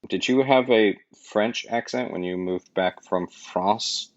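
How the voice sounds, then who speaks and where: A man's voice: lowish voice, slow pace, dull audio. A man co-hosting a podcast, chatting casually with jokes, rambling asides and a lot of self-interruptions. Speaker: podcast co-host.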